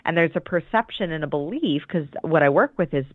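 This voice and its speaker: A woman's voice: sits low, lively intonation, fairly quick, dry recording. A woman coach explaining her approach in a casual interview, thoughtful and restarting her sentences often. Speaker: business coach. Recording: tinny phone-like dry line.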